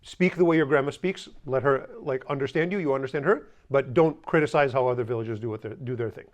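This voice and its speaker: A man's voice: medium pitch, quick pace. A man teaching a language class, drilling phrases with the students and adding joking asides.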